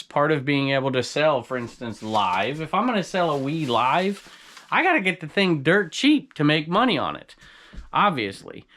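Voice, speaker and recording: A man's voice: fairly high pitch, sing-song, normal speed, fairly bright tone. A man reselling secondhand goods, talking casually to camera in an opinionated, rambling way. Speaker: reseller vlogger.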